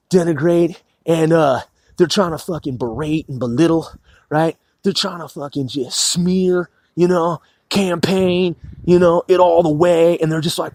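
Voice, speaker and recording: On his casual solo podcast, a forty-something host with a highish, slightly mellow voice wanders from topic to topic. He curses a lot, says "bro" often, and drops a "man" into every pause.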